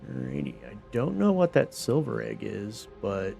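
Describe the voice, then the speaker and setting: A man's voice: fairly low pitch, wildly swooping pitch, moderate pace, creaky, dark tone, soft background music. A man giving casual, think-aloud commentary while streaming a creature game, reading menus and musing over his finds. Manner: thinks aloud, reads menus, trails off in asides.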